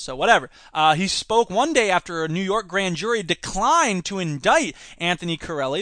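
A man's voice: high voice, a bit bright, dry recording. A man hosting a solo podcast, reading news and mocking it with sarcastic asides and put-on voices. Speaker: podcast host.

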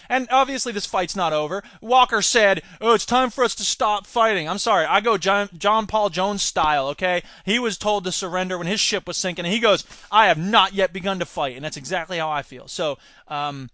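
A man's voice: sits high, a little fast, bright, forceful tone, no room sound, studio quality. An American man hosting a podcast, giving rambling, opinionated political commentary and mocking politicians by imitating them. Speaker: podcast host.

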